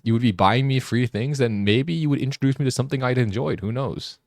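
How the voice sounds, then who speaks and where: A man's voice: medium pitch, a little fast, vocal fry, no echo, studio quality. A young man streaming a game, chatting casually and teasing a friend in joking banter, often restarting his sentences. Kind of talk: casual chat while gaming.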